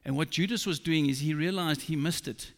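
A man preaching a sermon, slow and emphatic, quoting scripture. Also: a little high. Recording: long reverb of a large hall.

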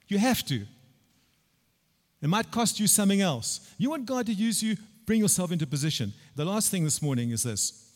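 A man preaching a sermon with a slightly high voice, telling a story in a lively way. He repeats his phrases and pushes into loud emphasis. His voice rings with a long reverb through a large church hall.

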